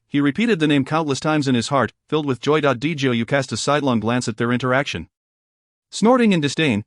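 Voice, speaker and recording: A man narrating a fantasy story in an even, formal reading style. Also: medium pitch, fairly quick, no echo, clean studio sound.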